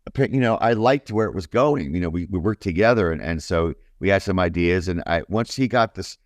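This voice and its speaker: A baritone man from New York, a guest musician talking in a casual, rambling, enthusiastic way with many fillers. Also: lively intonation, a little fast, no room sound, clean studio sound. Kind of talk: casual interview chat.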